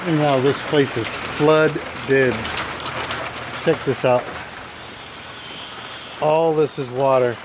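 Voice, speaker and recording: A man chatting casually in a video diary outdoors on his farm, with a relaxed manner. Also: medium pitch, extremely slow, long pauses. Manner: relaxed, chatty, repeats "anyhow". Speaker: vlogger. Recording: outdoor camera audio with rain noise. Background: rain.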